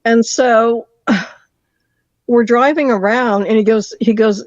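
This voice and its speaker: A caller on a call-in show tells a story in a lively way, acting out the lines of the people in it. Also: mid-range voice, moderate pace, dry recording. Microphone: phone call. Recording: dull dry phone line.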